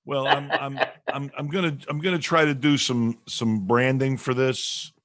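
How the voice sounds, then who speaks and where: A man's voice: mid-range voice, fairly even intonation, normal speed, fairly bright tone, dry recording. A man hosting a casual talk show from home over a video call, rambling with many restarts. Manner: rambling, lots of restarts and fillers. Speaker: radio show host. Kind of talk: casual chat.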